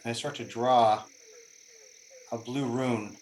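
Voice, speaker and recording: A man's voice: mid-range voice, steady tone, slow, a little mellow, a little hiss or hum, low-quality recording. A man player speaking in character at a tabletop role-play game, earnest and heartfelt.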